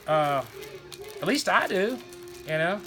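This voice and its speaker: A man's voice: high voice, sing-song, takes it slowly, music in the background. A middle-aged man, rambling enthusiastically as he shows off his toy collection. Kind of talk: casual show-and-tell chat.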